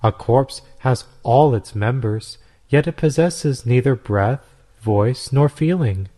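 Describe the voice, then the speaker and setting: A man reading aloud, voicing a calm, authoritative young woman saint who argues firmly and rhetorically. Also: medium pitch, slow pace. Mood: firm conviction. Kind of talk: storybook reading.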